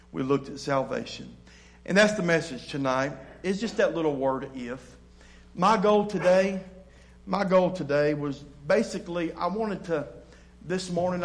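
A man's voice: fairly high pitch, gravelly. A man preaching an evening sermon as pastor, repeating and restarting phrases as he builds emphasis, then leading a closing prayer.

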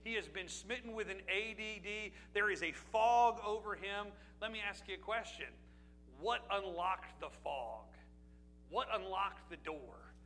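High, bright-voiced preaching man. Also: animated, unhurried, soft background music, low-quality recording. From Pennsylvania. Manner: conversational preaching with rhetorical questions and asides. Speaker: pastor. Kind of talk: sermon.

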